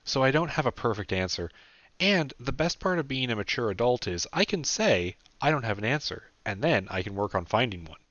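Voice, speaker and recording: A man's voice: medium pitch, big pitch swings, a little fast, fairly bright tone, no room sound, pitched above the performer's own voice. A man voicing a rambling, candid young leader. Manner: rambling, casual, swears freely. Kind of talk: audiobook character voice. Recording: dull dry lo-fi recording.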